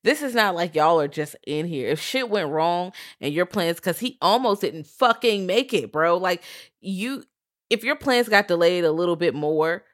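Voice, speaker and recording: A woman with a Southern US accent co-hosting a casual movie review podcast, telling the plot in an animated, profane way and acting out characters' lines. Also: on the low side, moderate pace. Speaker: podcast co-host.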